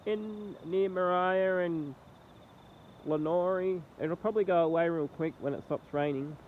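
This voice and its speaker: Man, Australian accent, nasal congested voice, rambling vlog talk, outdoors, faint background noise. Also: sits high. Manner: rambling, halting commentary. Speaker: vlogger. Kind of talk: casual phone vlog. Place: outdoors beside a flooded road in rain. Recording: tinny, lo-fi phone audio with faint noise.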